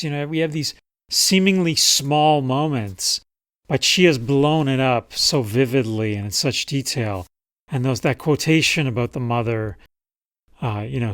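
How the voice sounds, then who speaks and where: In clean studio audio with no room sound, a man with a medium-pitched, slightly bright voice teaches casually as a writing coach. He explains how memoirs are written and reads out passages from a client's memoir in a conversational way.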